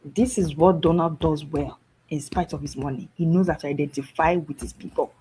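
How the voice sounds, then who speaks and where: A woman from Nigeria, a guest on a talk show, telling stories in a lively way with frequent laughs. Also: sits low, fairly quick, slight background noise, poor audio. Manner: lively, laughing, switches into mimicked voices. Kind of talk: animated storytelling talk.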